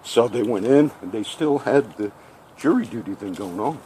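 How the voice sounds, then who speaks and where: A man telling a personal story in casual speech, animated and acting out both sides of the conversation. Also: medium pitch, moderate pace, slight background noise. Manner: animated, acts out each side of the dialogue; repeats "I said" often. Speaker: storyteller recounting a personal legal run-in.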